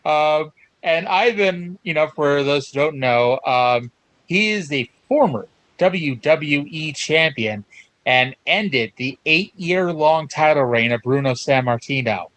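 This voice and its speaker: A man's voice: on the high side, expressive, takes it slowly, fairly bright tone, no echo, low-quality recording. A man hosting a podcast, recapping old wrestling in an enthusiastic, chatty way. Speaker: podcast host. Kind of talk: casual chat.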